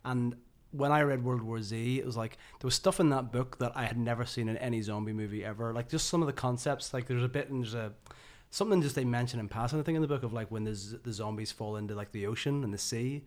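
A man's voice: medium pitch, fast talker. A man co-hosts a casual podcast conversation. He talks eagerly and often stumbles and restarts his sentences. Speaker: podcast co-host. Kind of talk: casual chat.

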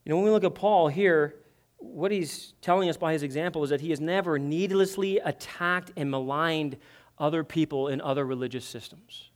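A man's voice: fairly high pitch, normal speed. A pastor preaching an earnest, conversational sermon, often restarting his words.

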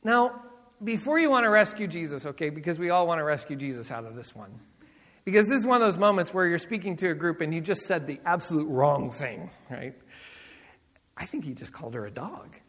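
Man, middle-aged pastor, high voice, animated storyteller, echoing hall. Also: fairly quick. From Southern California. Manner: animated storyteller, acts out voices, laughs often. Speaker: senior pastor. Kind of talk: sermon with personal stories.

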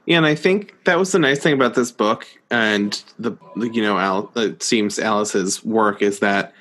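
A young man co-hosting a casual book podcast, relaxed and chatty with plenty of fillers. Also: lowish voice, moderate pace. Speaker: podcast co-host.

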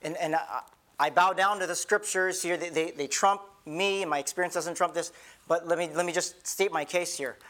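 A man's voice: on the high side, normal speed, fairly bright tone. Middle-aged pastor guy preaching, candid and earnest, keeps restarting his words. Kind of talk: conversational sermon.

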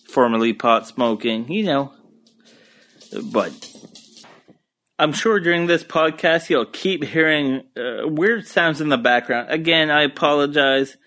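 A man's voice: mid-range voice, a bit bright. A young man with an Acadian French accent, hosting a solo podcast from home in a crude, rambling, profane and easygoing way. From Moncton, New Brunswick, eastern Canada. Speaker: podcast host. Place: at home on a couch.

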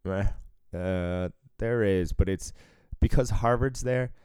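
A man's voice: lowish voice, slow pace, a little mellow, smooth, no room sound. A man from Cambridge, Massachusetts, chatting casually, cursing freely and laughing often. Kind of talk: casual chat.

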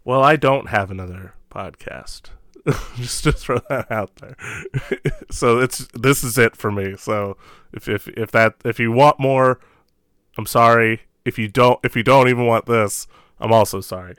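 Laughing, rambling male podcast host, smooth voice. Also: medium pitch, unhurried, fairly bright tone, no echo, clean studio sound. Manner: laughs often, rambling with restarts. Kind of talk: casual chat.

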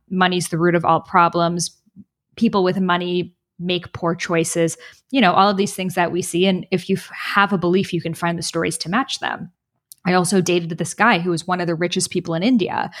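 A woman's voice: on the low side, fairly bright tone. A woman guest on a podcast, telling a personal story in a chatty way with plenty of "like" and "you know". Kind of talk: casual conversation and personal storytelling.

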